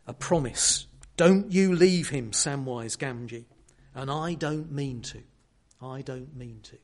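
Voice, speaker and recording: A man voicing a loyal young male companion in a sermon retelling, speaking earnestly and with quiet determination. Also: medium pitch, slow pace, lightly acted.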